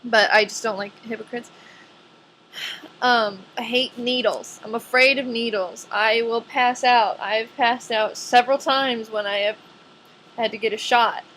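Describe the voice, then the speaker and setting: Young woman vlogger, nineteen, casual and chatty, bright tone, light background noise. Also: fairly high pitch, fairly even intonation, measured pace. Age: young adult. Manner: chatty, says "like" a lot. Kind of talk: casual chat to camera.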